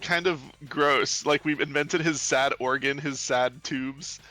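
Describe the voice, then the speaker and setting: A laid-back man makes brief, casual remarks on a stream in a very bright, sharp voice. Faint music plays in the background. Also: medium pitch, fairly even intonation, slow, poor audio. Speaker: guest on stream. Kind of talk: casual chat on a livestream.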